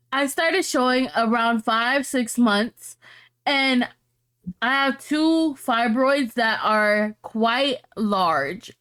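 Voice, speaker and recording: A woman's voice: fairly high pitch, very slow, a bit bright, smooth. A woman co-hosting a podcast, reading out online posts and reacting with brash, profane commentary. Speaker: podcast co-host.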